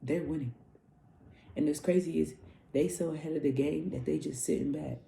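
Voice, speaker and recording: A woman's voice: low voice, normal speed, vocal fry, dark tone, a little hiss or hum. A woman spiritual coach giving a casual astrology reading, loose and profane, repeating herself like a preacher. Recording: roomy echo.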